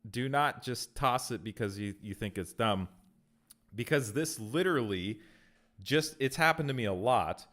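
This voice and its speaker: A man's voice: medium pitch, fairly bright tone. A man streaming from home in a casual chat, reading out viewer messages and answering them with easy laughs. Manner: chatty, reads chat aloud and answers viewers; laughs easily between phrases. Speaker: streamer and content creator.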